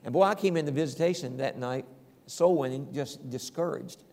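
A man's voice: medium pitch, normal speed, vocal fry, a little mellow, big-room sound. A man preaching a sermon as pastor, telling homespun stories and calling out to the congregation. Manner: folksy storytelling preacher, calls out "Amen?".

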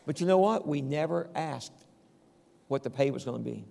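Each phrase from this older pastor trails off into the long reverb of a church hall. He preaches at a normal speed in a casual, conversational way, pausing to check in with listeners and occasionally chuckling, his somewhat high voice carrying a gravelly edge.

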